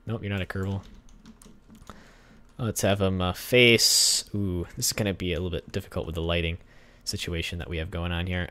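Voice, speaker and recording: A man's voice: low voice, bright, forceful tone. A young man hosting a gaming channel, giving casual gameplay commentary, chatting to the characters on screen and getting easily exasperated.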